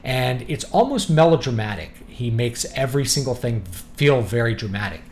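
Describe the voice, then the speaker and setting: A man giving a casual spoken review of audiobooks, relaxed and conversational, thinking aloud as he goes. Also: medium pitch, normal speed. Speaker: book reviewer.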